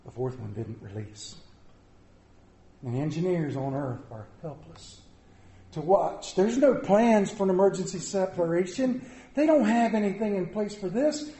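A man preaching a lively sermon, telling stories with jokey asides. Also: high voice, normal speed, reverberant, rough recording. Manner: animated storytelling, jokey asides.

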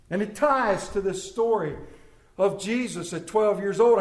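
A middle-aged pastor preaches a humorous sermon in a church sanctuary, sharing family stories peppered with jokes and asides. His voice sits high and is expressive, at a measured pace, and the room sounds echoey.

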